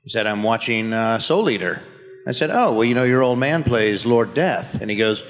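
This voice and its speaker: A man on a convention panel telling a relaxed, anecdotal story through a microphone in a large room. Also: mid-range voice, moderate pace. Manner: relaxed anecdotal, laughing at his own story. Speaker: voice actor panelist. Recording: echoey convention hall through PA.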